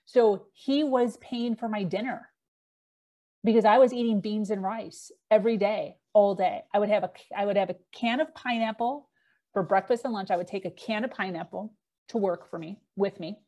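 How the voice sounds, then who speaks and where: A woman's voice: medium pitch, normal speed, mellow. A middle-aged woman, a podcast guest, candidly telling her own story with frequent fillers and acted-out quotes.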